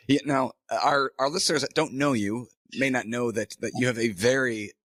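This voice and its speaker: A man's voice: mid-range voice, normal speed, a bit bright, no room sound. A man hosting a casual tech podcast, talking through a sore throat. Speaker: podcast host.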